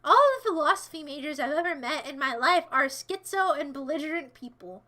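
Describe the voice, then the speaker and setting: Fairly quick and high-pitched, this woman streamer answers her chat in a loose, rambling, playful way, teasing viewers and defending herself in jest. Every so often she erupts into shouted commands like a mock villain.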